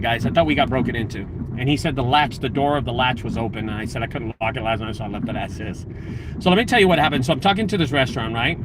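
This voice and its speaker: A man telling a story in a casual, slangy live video, animated and excitable. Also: medium pitch, noisy background. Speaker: junk removal business owner and channel host.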